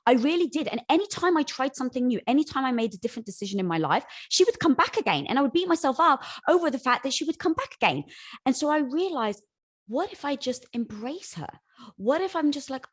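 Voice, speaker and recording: A woman's voice: a little high, animated, quick pace. Upbeat, affirming woman guest. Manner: affirming, upbeat, warm address. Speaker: podcast guest. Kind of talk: encouraging conversational advice.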